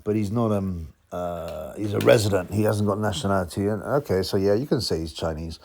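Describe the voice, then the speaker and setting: A man's voice: deep voice, a little fast, creaky, darkish tone. A man hosting his own boxing channel, talking in a rambling, combative way with chuckling asides. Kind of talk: ranting commentary vlog.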